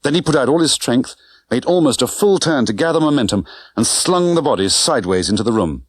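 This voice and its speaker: A man narrating an audiobook with an expressive, dramatic reading. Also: medium pitch, brisk, no echo. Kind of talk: scripted narration. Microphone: close studio mic.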